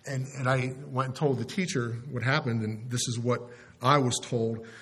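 A man's voice: mid-range voice, fairly even intonation, moderate pace, a bit bright, slightly rough. A male pastor giving a sermon in a conversational storytelling way, often restarting his sentences.

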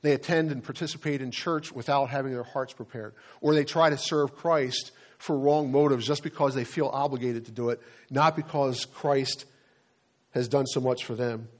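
A middle-aged man preaches a sermon from the pulpit, speaking at a middle pitch. He delivers it conversationally, like he's telling a story to friends, and often repeats a word or two before pressing on. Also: fairly even intonation, normal speed. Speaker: pastor.

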